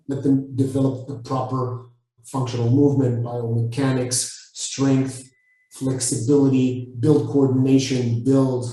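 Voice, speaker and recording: A man with an Israeli accent answering interview questions, blunt and forceful, swearing freely. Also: medium pitch. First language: Hebrew. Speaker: Krav Maga instructor, guest. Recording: echoey room, far from the mic.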